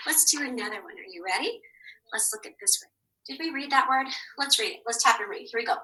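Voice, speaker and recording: A woman teaching a phonics lesson to young children, patient and encouraging, sounding out words slowly. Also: a little high, noisy background.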